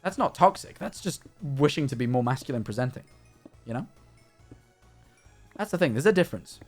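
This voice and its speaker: Chatty man with a lively voice. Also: mid-range voice, moderate pace, soft background music. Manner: rambling, chatty, many restarts and fillers. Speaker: live streamer. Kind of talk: casual chat while playing a game.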